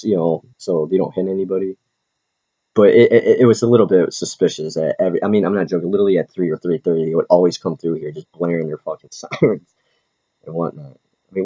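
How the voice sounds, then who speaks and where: A man who is an aspiring comedian, ranting in a rambling, profane, quick-tempered way as he vlogs in a big city. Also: low voice, dark tone, husky. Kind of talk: casual rambling rant. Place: big city, in or near Manhattan. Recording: dull lo-fi recording.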